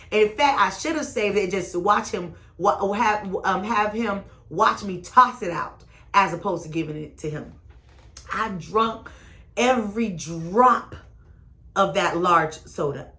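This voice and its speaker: A woman telling a story, sassy and expressive, rising to loud exclamations and then dropping low. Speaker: storyteller vlogger. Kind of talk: animated personal storytelling.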